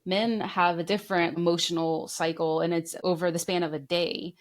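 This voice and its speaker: A woman's voice: lowish voice, little pitch movement, moderate pace. A young woman co-hosting a podcast, telling long heartfelt stories in casual chat, full of fillers. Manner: rambling, heartfelt storytelling with many fillers. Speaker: podcast co-host.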